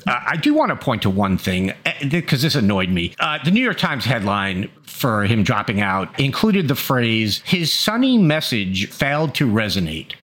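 A man's voice: mid-range voice, sing-song, normal speed, hardly any pauses, fairly bright tone, breathy edge. A man hosting a podcast, chatting casually with wry, dry humor. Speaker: podcast host. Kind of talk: casual political chat.

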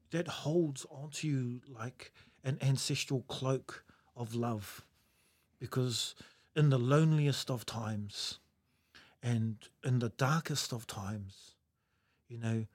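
A man's voice: mid-range voice, takes it slowly, darkish tone, husky. A New Zealand man telling stories in a casual chat, reflective, laughing often and using Maori words.

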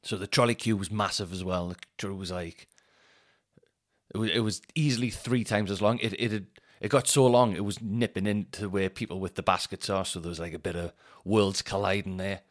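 A man's voice: low voice, fairly even intonation, brisk. A man hosting a podcast, telling a rambling, sweary shopping story and laughing as he goes. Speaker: podcast host. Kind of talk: casual storytelling monologue.

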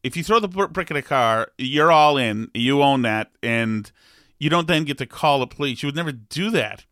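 A man's voice: medium pitch, expressive, fairly bright tone, no echo, clean studio sound. A man talking casually on his own, hesitant with many restarts, laughing as he reads comments aloud. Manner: halting, many restarts, laughs while reading. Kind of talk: casual solo talk, reading comments aloud.

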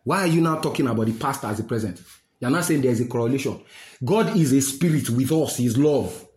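A man's voice: mid-range voice, expressive, fairly quick, a little mellow, reverberant. A man with a Nigerian accent giving a fiery, scolding rant to camera, slipping into Pidgin. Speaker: social commentator.

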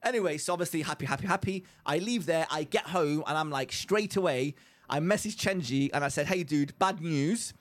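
A young male co-host on a podcast speaks a little fast with a fairly high pitch. Telling a story in easygoing chat, he's animated and imitates the voices of those he quotes.

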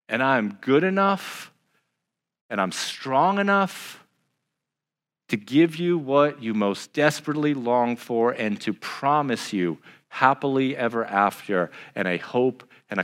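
A male pastor preaching a sermon in a relaxed, conversational way. He speeds up, then slows down and goes quiet. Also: medium pitch, long reverb tail. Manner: conversational preaching, shifting from brisk to slow and hushed.

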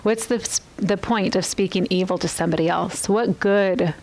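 A woman's voice: mid-range voice, moderate pace, darkish tone, poor audio. A woman teaching from the Bible in a podcast talk. She speaks earnestly and often turns to ask the listener questions.

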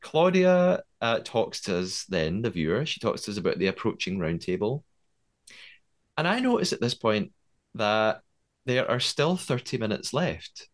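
A man's voice: lowish voice, sing-song, moderate pace. A man co-hosting a podcast, recapping scenes step by step and thinking aloud as he goes. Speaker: podcast co-host. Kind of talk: casual recap chat.

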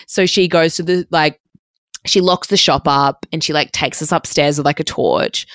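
A young woman with a low voice tells a wild story in casual chat. She swears constantly, leans on "like" and acts out every quote. The recording is dry and close. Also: normal speed, no room sound. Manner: swears a lot, heavy "like" filler, animated quoting.

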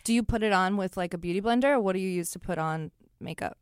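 A woman's voice: medium pitch, fast talker, clean tone, dry recording, studio quality. A young woman co-hosting a podcast, chatting easily about beauty products with hesitant fillers. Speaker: podcast co-host. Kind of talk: casual beauty chat.

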